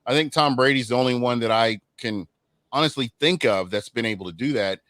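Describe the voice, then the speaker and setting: A man with a mid-range voice talking through football opinions at an even, considered pace, leaning on filler words. His voice is recorded dry and close, with no roomy echo. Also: mid-range voice. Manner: measured, many "you know" fillers. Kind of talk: casual sports podcast chat.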